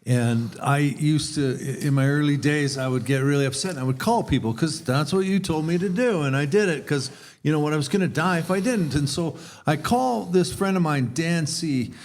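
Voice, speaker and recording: A man's voice: fairly high pitch, normal speed, darkish tone. A man co-hosting a recovery podcast, telling a personal story in an earnest, casual way and acting out the people he quotes. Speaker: podcast co-host.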